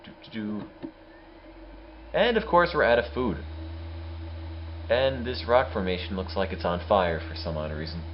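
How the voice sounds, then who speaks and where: A man's voice: on the low side, normal speed, dull audio, a little hiss or hum. Sarcastic male game streamer. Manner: sarcastic, joking. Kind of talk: casual game commentary.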